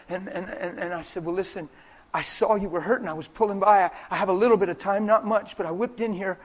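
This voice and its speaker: A male preacher from Pennsylvania telling a story in a sermon. He moves from soft quoted dialogue to loud, animated exclamations. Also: high voice, fast talker, husky. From Pennsylvania, USA.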